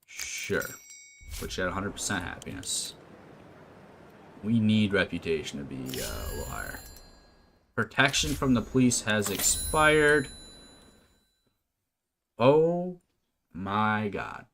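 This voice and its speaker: Low-voiced man doing game commentary. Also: sing-song, takes it slowly, creaky, pauses often, fairly bright tone. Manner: casual, reads game text aloud, wry asides. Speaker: gameplay commentator. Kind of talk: let's play commentary. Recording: faint noise and clicks.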